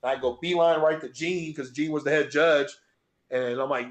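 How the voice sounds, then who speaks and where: A man's voice: on the high side, brisk. A middle-aged man, a guest on an interview show, telling a story in a loose, profane way and acting out the moments as he goes. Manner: animated, profane, acts out scenes. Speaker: guest, bench press record holder. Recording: roomy echo.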